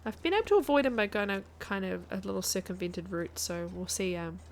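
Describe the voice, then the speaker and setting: A woman's voice: medium pitch, lively intonation, a little fast. A woman, chatting casually to her viewers while playing a game on a live stream and thinking aloud. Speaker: guest streamer.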